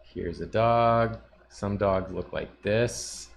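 A man chatting casually on a stream while drawing, relaxed and easygoing. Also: fairly low pitch, slow, gravelly. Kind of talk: casual chat.

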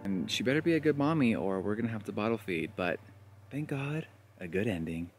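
A chatty man narrates his vlog outdoors in a pasture and talks straight into a handheld camera. His pitch swings widely and his delivery is animated, with frank asides and casual swearing. Soft music plays faintly under his voice. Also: a little fast. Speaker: vlogger. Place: outdoors in a ranch pasture at dawn. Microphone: handheld camera mic.

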